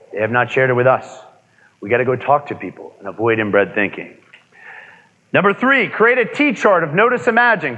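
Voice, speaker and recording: An energetic man leads a seminar, his pitch rising and falling a lot and sitting a bit high for a man. The sound is dull and lo-fi, with a long hall reverb around him. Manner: energetic, asks the room questions, repeats key points. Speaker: motivational speaker. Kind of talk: live seminar talk to an audience. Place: seminar room with an audience.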